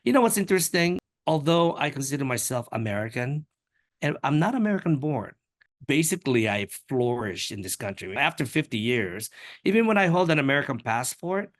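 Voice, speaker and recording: An older man from the Philippines, an artist talking candidly in an interview, frank and opinionated, with a pace that speeds up and slows down. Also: medium pitch. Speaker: artist, podcast guest.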